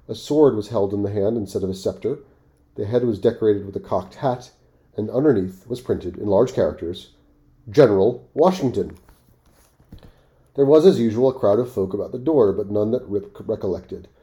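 A man reading a classic story aloud on his podcast, expressive, with offhand asides. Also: fairly low pitch.

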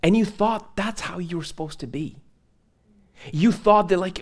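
A man's voice: sits high, normal speed. A man preaching a live sermon in church, from Moldova, chatty and conversational, laughing and adding asides. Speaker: pastor.

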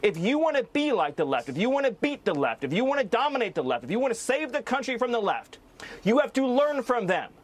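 A man with a notably high voice delivers cable news commentary. He sounds outraged the whole way through and never drops his loud, steady volume. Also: a little fast.

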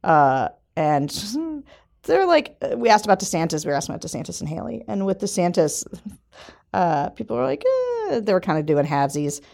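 A woman co-hosting a podcast in casual political chat, animated and laughing often. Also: on the low side, normal speed, vocal fry. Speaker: podcast co-host.

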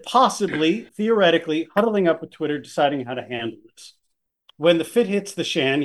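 A man co-hosting a political podcast, talking in a sarcastic, animated way with jokey asides. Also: mid-range voice. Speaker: podcast co-host. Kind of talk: casual political podcast chat.

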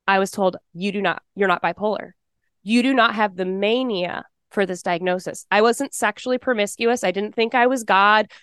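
A woman in her forties from Texas, telling her personal testimony in an interview, emotional and fast-talking. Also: mid-range voice, a bit bright, smooth, no room sound, clean studio sound.

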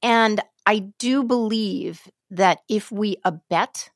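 A woman co-hosts a podcast in loose, casual conversation. She talks bluntly, swears freely and often breaks off to restart a thought. Her voice sits in a middle pitch and is recorded dry and close. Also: takes it slowly, no room sound. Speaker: podcast co-host. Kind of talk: casual chat.

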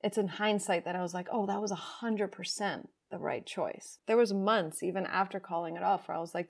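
A woman's voice: medium pitch, fairly even intonation, fairly quick, creaky, few pauses. A young adult woman, a podcast guest, candidly telling a personal story and acting out her inner voices with emotion.

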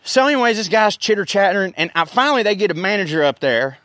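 Man in his thirties, high-pitched voice, dry close sound, profane casual storyteller. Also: fast talker, dry recording. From American South. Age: 30s. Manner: profane, animated storytelling with laughs. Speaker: podcast host.

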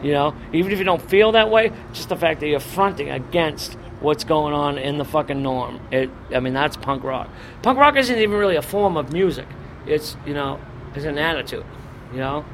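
A middle-aged man from the Boston area with a fairly high voice, rambling through crude, swaggering punk-rock stories. He talks outdoors in front of a bar, and passing cars and loud street traffic fill the background. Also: expressive, normal speed. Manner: profane, rambling, swaggering storyteller. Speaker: punk singer being interviewed. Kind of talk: casual street interview, storytelling. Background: passing cars and city traffic.

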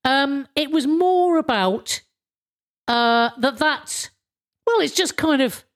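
Rambling British woman, slightly high voice. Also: slow. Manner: rambling, chuckles often, swears freely. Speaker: podcast host. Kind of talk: casual monologue.

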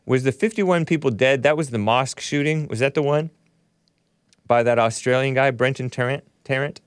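A man hosting a talk show, reacting to news clips with sarcastic, mocking commentary and sudden loud outbursts. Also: fairly low pitch, clean tone, no room sound, clean studio sound.

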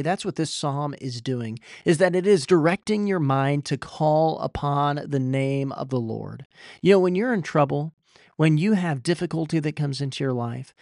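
A man's voice: fairly high pitch, darkish tone, no echo, studio quality. A young man from Iowa preaching a sermon, earnest and emphatic, his voice rising when he pleads. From Iowa, USA. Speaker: pastor.

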